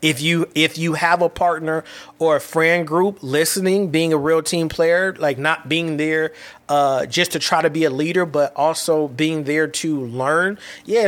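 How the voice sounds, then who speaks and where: A man in his thirties hosts a solo podcast, speaking frankly about his own struggles. His voice sits a little higher than most men's. He talks in loose, slangy sentences that often stop and restart. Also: fairly bright tone. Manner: candid, reflective, with frequent restarts and casual slang. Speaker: podcast host. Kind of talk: solo motivational podcast monologue.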